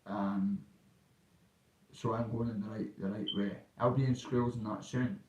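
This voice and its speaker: A man's voice: on the low side, steady tone, a little slow, a little mellow, slight background noise. Scottish man with a Dundee accent, rambling casual vlogger, recorded from a distance in an echoey room. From Dundee, Scotland. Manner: rambling storytelling, full of fillers and asides. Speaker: recovery vlogger. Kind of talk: casual vlog monologue.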